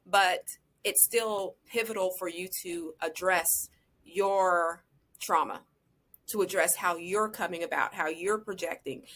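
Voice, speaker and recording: A woman's voice: lowish voice, bright, forceful tone. A woman who is a guest on a podcast, giving earnest parenting advice in casual conversation. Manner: earnest, advising.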